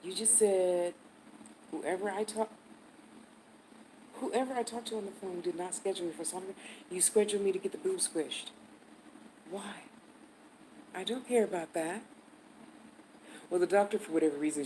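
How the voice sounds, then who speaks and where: A woman's voice: on the low side, a little mellow, a little hiss or hum, poor audio. Blunt, cursing older woman telling a story. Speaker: vlogger. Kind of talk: profane storytelling.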